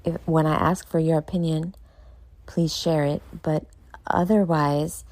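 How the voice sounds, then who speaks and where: A woman's voice: low voice, fairly even intonation, unhurried, a little mellow, no echo. A tired woman from New York, a show host, talking casually late at night in a rambling, self-critical way with many fillers.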